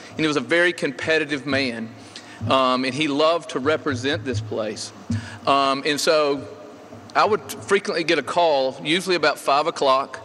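A man's voice: medium pitch, sharp tone, a little hiss or hum. A middle-aged man, a golf coach giving a rambling, story-filled memorial tribute with many fillers and restarts. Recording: reverberant hall with faint ambience.

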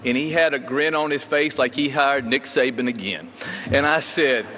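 A man's voice: mid-range voice, normal speed, pushed and bright, slight background noise. A middle-aged man, a golf coach giving a rambling, story-filled memorial tribute with many fillers and restarts. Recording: reverberant hall with faint ambience.

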